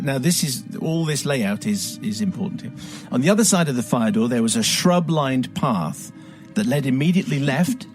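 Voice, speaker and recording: A man's voice: mid-range voice, darkish tone. A man hosting a radio show, reading a listener's letter aloud with wry, dramatic storytelling. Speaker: radio host.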